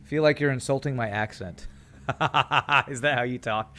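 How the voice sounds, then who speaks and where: This streamer's voice is medium in pitch, slow and sharp in tone. He's from California, playing a game and rambling to his chat, often repeating words while he thinks, and he sounds tired following a busy season.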